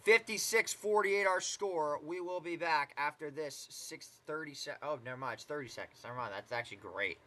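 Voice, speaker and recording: A man's voice: on the high side, moderate pace, few pauses, bright, forceful tone. A man doing casual live play-by-play commentary of a basketball game, with chatty asides and mild swearing.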